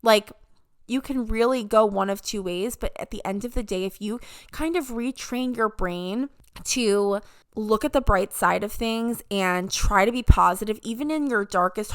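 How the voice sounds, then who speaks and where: A woman's voice: medium pitch, a little slow. A young adult woman hosting a podcast, giving an upbeat motivational talk and mimicking voices when she quotes people. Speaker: podcast host. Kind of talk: casual motivational monologue.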